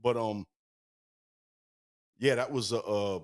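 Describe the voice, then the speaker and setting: A man telling rambling band stories as a podcast guest, swearing constantly. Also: on the low side. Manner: fast-talking, heavy swearing, rambling anecdotes. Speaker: guest musician. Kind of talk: casual storytelling. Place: podcast studio.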